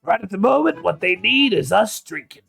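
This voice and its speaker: A man voicing a friendly, pushy male gang recruiter with a smooth, ingratiating manner. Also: high voice, big pitch swings, moderate pace, fairly bright tone, soft background music, full character voice.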